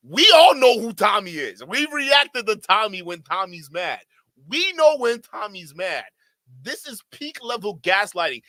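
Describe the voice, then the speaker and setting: A man's voice: sits high, sharp tone, no room sound. A man commentating on a debate clip during a live stream, heated and profane, mocking the people in it. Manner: heated, profane, rapid-fire, with mocking quoted voices.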